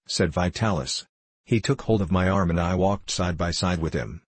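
Deep, husky male storybook narrator. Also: normal speed, dry recording. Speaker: audiobook narrator. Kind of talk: scripted narration.

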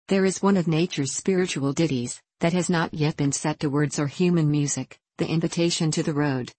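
A woman narrating a classic novel as an audiobook, in a measured, even storytelling manner. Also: deep voice, no echo.

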